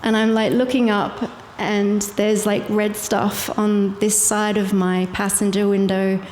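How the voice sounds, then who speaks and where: A woman's voice: medium pitch, level tone, a little slow, darkish tone. A woman with an Irish accent telling a vivid personal story as a guest, laughing easily as she goes. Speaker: guest sharing her testimony. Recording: echoey hall with faint noise.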